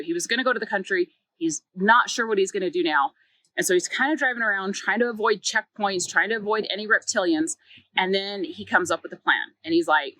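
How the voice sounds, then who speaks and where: A woman's voice: mid-range voice, pushed and bright, no room sound, rough recording. A woman reviewing a book, retelling its plot in a chatty way with many filler words and small acted quotes. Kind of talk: casual story recap.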